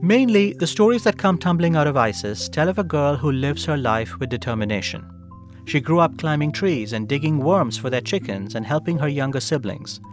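Lively-voiced male radio host. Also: a little high. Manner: measured storytelling, gentle probing questions. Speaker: host and interviewer. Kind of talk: scripted radio narration and interviewing.

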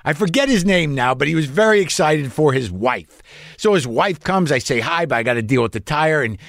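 A male comedian and podcast host tells a story in a rambling, self-doubting, profane way. His voice sits slightly high for a man. The recording is close and dry. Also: animated, brisk, vocal fry, a bit bright, dry recording. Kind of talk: storytelling monologue.

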